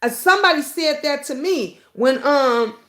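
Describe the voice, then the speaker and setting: A woman's voice: high-pitched, moderate pace. A middle-aged woman hosting a live stream, talking bluntly and reading viewer comments aloud, with the occasional swear. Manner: blunt and outspoken, swears freely; animated, jumps between comments and stories. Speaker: YouTube talk show host.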